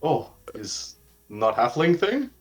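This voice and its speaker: A man voicing a big, gruff male warrior who speaks in halting, broken phrases during a tabletop role-play game. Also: on the high side, wildly swooping pitch, faint music behind, pitched above the performer's own voice, heavily acted.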